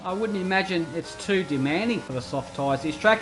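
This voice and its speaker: A man commentating a sim racing league, chatty and breaking into excited bursts during overtakes. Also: high voice, a little fast, hardly any pauses, rough recording. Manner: chatty, excitable bursts over steady play-by-play. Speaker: race commentator.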